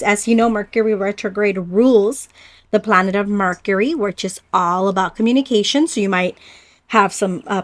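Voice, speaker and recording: A woman doing a pick-a-card spiritual reading, gentle and reflective, speaking slowly to her viewers. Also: a little high, slight background noise. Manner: unhurried with pauses and small stumbles. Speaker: oracle card reader.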